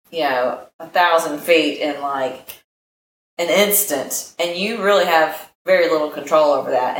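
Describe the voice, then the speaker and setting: A woman pilot telling a flying story in a casual interview, animated and laughing often, with many fillers. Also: low-pitched, a little hiss or hum. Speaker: guest pilot. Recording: echoey room with faint ambience.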